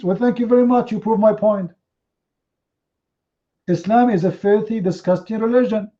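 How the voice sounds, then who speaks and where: Mocking, high-voiced male debate host. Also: steady tone, moderate pace, long pauses. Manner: confrontational, mocking, rhetorical questions; non-native English grammar. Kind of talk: heated live online debate. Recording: slightly muffled online stream audio.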